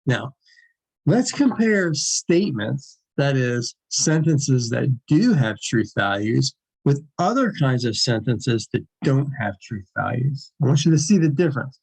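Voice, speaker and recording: A man's voice: medium pitch, very animated, unhurried, vocal fry, a little mellow, husky, low-quality recording. A man teaching an introductory logic lecture in a conversational way, restarting and repeating himself for emphasis. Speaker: philosophy lecturer.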